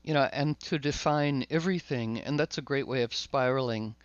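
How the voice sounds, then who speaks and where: A man hosting a casual spiritual conversation, searching for words, repeating himself, bursting into excited asides. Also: medium pitch, normal speed, smooth, no room sound, highs cut off. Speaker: host.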